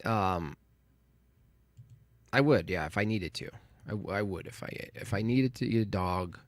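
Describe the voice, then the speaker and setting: A Canadian man on a livestream talks to his viewers in a voice on the low side at a measured pace, joking and rambling as he fixes his setup. The recording is dry.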